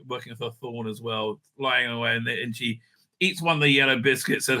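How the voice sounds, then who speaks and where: A man's voice: medium pitch, steady tone, brisk, pushed and bright. A man giving a casual, rambling episode recap and review, full of fillers and crude jokes.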